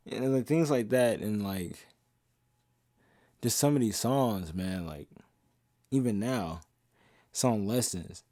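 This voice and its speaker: Young male podcast host, blunt and profane, passionate monologue, low voice, dry recording. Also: slow, pauses often, dark tone, dry recording. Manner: half-sings song lyrics he quotes. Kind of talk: casual monologue.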